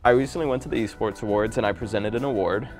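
A man's voice: lowish voice, fast, music in the background. A young man hosting a casual interview show, talking in an awkward, self-deprecating way. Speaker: show host.

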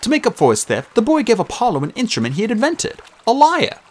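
A man voicing a sly, smooth-talking male god in a put-on mixed British and Australian accent for an audiobook. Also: very high voice, wildly swooping pitch, quick pace, darkish tone, pitched above the performer's own voice, exaggerated voice. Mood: breezy. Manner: breezy, teasing. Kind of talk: audiobook reading.

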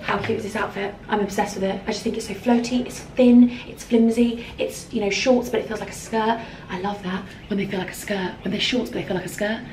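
A young British woman chatting brightly through a fashion vlog, showing off outfits in a holiday room. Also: medium pitch, steady tone, fairly quick, hardly any pauses, far from the mic, a little hiss or hum. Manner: bubbly, chatty, keeps saying cute. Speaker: fashion vlogger. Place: holiday room with insects outside. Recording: echoey room, slightly off-mic. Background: faint crickets.

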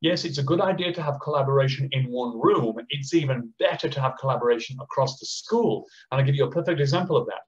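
A man's voice: mid-range voice, muffled recording. A man with an Australian accent, speaking passionately as an education speaker at an online conference, often acting out teachers and children. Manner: passionate, acts out teachers and children in quick impressions.

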